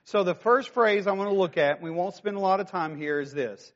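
A man's voice: high-pitched, fairly quick, few pauses, lo-fi sound. A man preaching a sermon as pastor, talking conversationally and throwing rhetorical questions at his listeners.

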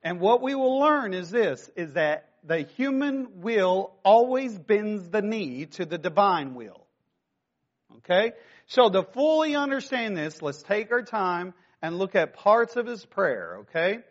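Guy preaching a sermon, higher voice, keeps asking the crowd stuff, kinda dull lo-fi sound. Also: big pitch swings, unhurried. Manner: conversational preaching with rhetorical questions. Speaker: pastor.

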